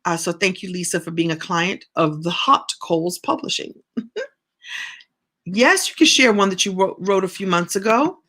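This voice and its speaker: A woman's voice: fairly low pitch, moderate pace, pushed and bright. Chatty woman coaching on a live stream. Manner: chatty and encouraging, answering viewer comments. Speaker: business and writing coach. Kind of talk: casual live-stream chat.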